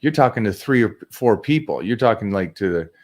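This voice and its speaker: A man's voice: lowish voice, animated, a little fast. A man in his sixties hosting a casual sponsored chat, talking in an emphatic, rambling way, repeating and restarting his words. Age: 60s. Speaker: show host.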